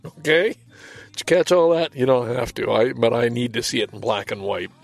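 Older male solo podcaster, seventies, gravelly mid-pitched voice, rambling and self-deprecating. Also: normal speed, no echo, soft background music. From Canada. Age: 70s. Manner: rambling, self-deprecating, reads aloud and comments with chuckles. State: walks with a walker. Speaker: podcast host. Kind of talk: casual solo monologue.

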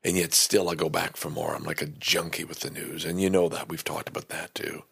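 Gravelly older man ranting in a basement. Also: extremely low pitch, flat delivery, fairly quick, bright, forceful tone. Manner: ranting, profane, easily worked up. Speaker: podcast host. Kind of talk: casual rambling monologue. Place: home basement playroom.

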